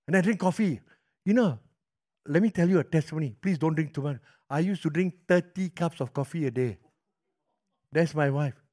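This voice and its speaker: A middle-aged man with a Malaysian English accent, preaching a sermon with animated storytelling that swings from loud to hushed. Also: on the high side, moderate pace. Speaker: pastor.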